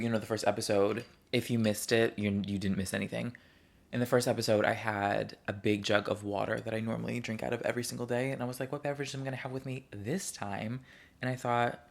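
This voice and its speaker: A man's voice: on the low side, creaky. A young man hosting his own podcast from his couch at home, chatting casually and rambling from one topic to the next. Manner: rambling, chatty, easily sidetracked. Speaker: podcast host. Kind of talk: casual solo podcast chat. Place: living room couch at home.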